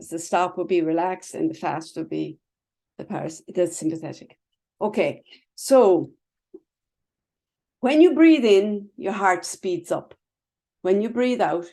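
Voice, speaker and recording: A woman's voice: lowish voice, gravelly, a little mellow. A woman teaching a class over a video call, chatty, explaining with everyday images and checking in with "right?" and "okay?" after nearly every phrase. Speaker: wellness instructor.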